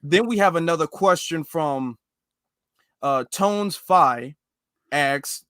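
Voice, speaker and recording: A man's voice: fairly high pitch, slow pace, long pauses, a bit bright, dry recording, studio quality. A man hosting a live stream, reading out viewer questions politely. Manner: polite, affirming. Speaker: host.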